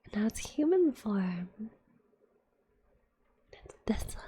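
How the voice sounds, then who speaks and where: A woman's voice: medium pitch, sing-song, slow, long pauses, dark tone, husky. A sick woman streamer in a whispered ASMR chat, rambling casually and swearing a lot between whispers.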